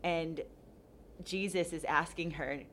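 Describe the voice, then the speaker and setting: Woman, low voice, earnest, reflective, conversational, faint background noise. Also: steady tone, takes it slowly, fairly bright tone. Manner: earnest, reflective, many restarts. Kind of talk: casual faith conversation.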